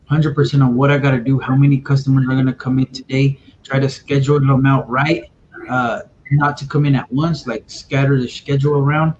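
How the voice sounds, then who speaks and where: Chill salesman guy talking casual, says like and man a lot, muffled sound, faint rumble. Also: flat delivery, a little fast, darkish tone. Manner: laid-back, lots of "like" and "man". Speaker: car salesman, guest. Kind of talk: casual interview talk.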